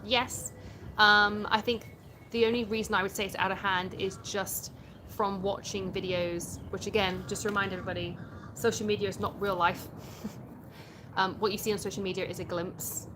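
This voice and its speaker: An English woman in her thirties chats on a live stream, reading and answering viewer comments. She laughs a lot and sometimes loses a word mid-sentence. Her voice sits at a middle pitch over a faint room hum. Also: flat delivery, moderate pace. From born in the US, raised in England. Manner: chatty, laughs often, searches for words. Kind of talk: casual live-stream chat.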